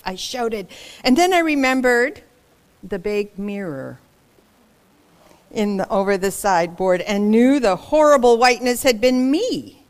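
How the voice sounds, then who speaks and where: A woman reading a children's picture book aloud, expressive and dramatic, pausing for asides to young listeners. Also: sits high. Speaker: storybook reader.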